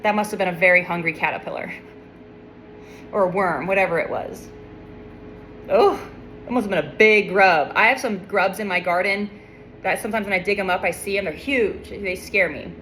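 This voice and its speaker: A woman's voice: mid-range voice, normal speed, pauses often, fairly bright tone, slight background noise, poor audio. A young adult woman casually retelling a Bible story, mixing the reading with wry, playful asides.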